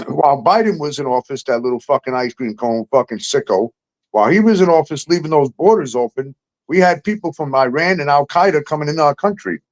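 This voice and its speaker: A man's voice: fairly high pitch, lively intonation, fairly quick, low-quality recording. A man hosting a casual talk show, ranting heatedly and swearing a lot. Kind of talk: casual profane chat.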